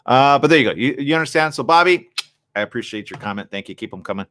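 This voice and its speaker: A man with a mid-range voice hosts a live online morning show, chatting casually and reading viewer comments at a quick pace. He rambles animatedly and keeps checking in with his audience, asking "you get it?"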